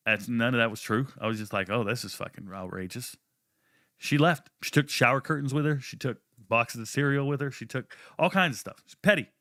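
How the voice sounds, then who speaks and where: A man telling a personal story in a casual, animated way, swearing freely and acting out what people said. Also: dry recording, studio quality. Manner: animated, profane, acts out quotes with jumps in pitch.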